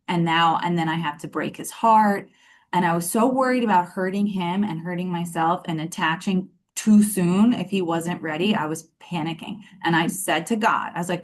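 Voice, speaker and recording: Woman, thirties, lower pitch, casual storytelling, lots of "like", acts out dialogue. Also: moderate pace. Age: 30s. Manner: animated, acts out quoted dialogue, many fillers. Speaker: guest telling her love story.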